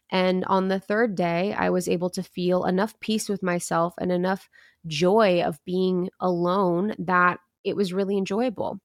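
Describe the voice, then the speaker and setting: Gravelly low-voiced woman, candid storyteller. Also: no room sound, clean studio sound. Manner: earnest, candid, dips into quoted inner thoughts. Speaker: podcast guest. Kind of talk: reflective storytelling.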